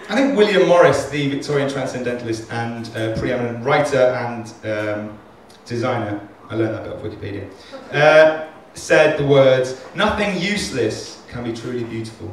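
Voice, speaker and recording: Rambling, sweary comedian on stage. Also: male voice, mid-range voice, a bit bright, a little hiss or hum. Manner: rambling, self-deprecating, sweary. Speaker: stand-up comedian. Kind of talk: stand-up comedy set. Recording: echoey club, recorded from far off.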